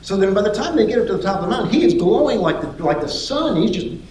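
A man preaching a sermon as lively storytelling, acting out the voices of the people in his story. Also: high voice, fast talker, slight background noise. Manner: animated storytelling, acts out voices. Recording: echoey hall.

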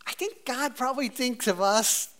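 A man preaching a sermon in a conversational, animated way, with many fillers and playful asides. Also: extremely high pitch, moderate pace. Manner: playfully acts out quoted voices. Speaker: pastor.

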